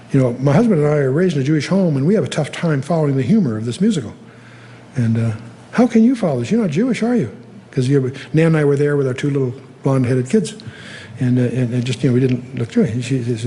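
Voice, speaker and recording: An older man teaching the Bible verse by verse in a conversational way, often pausing with fillers and lifting his voice to read scripture aloud. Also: medium pitch, warm tone, a little hiss or hum. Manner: conversational, reads scripture aloud with rising emphasis, frequent fillers.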